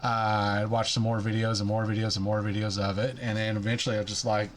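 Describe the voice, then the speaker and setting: A man's voice: lowish voice, flat delivery, fast talker, hardly any pauses, a little hiss or hum. A man chatting casually in a rambling, jokey, self-deprecating way about his leatherworking hobby. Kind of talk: casual chat.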